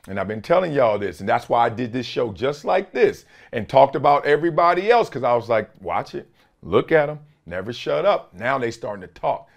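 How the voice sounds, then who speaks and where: A middle-aged man talking straight at his audience with an emphatic, slangy delivery. His voice sits fairly high for a man and swings widely in pitch as he punches his points, with frequent laughs between lines. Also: a bit bright. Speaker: show host. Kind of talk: animated solo commentary.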